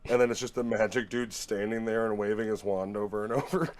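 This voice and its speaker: A man's voice: fairly low pitch, steady tone, brisk. Chatty, easygoing male stream guest. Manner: chatty, easygoing, laughs often. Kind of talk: casual chat.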